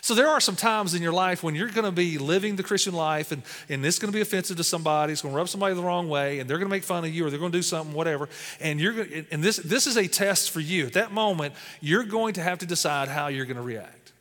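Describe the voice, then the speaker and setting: A man's voice: on the high side, fast, a bit bright, big-room sound. A man preaching a sermon as pastor, speaking conversationally with lots of "you know" fillers.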